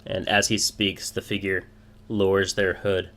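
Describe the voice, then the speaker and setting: A man's voice: deep voice, little pitch movement, a little slow, fairly bright tone. A man narrating a tabletop game as game master, hesitant and full of filler words.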